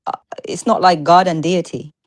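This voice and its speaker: A woman co-hosting a live-streamed talk show, arguing emphatically in casual chat with rapid-fire rhetorical questions. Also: on the low side, steady tone, dry recording.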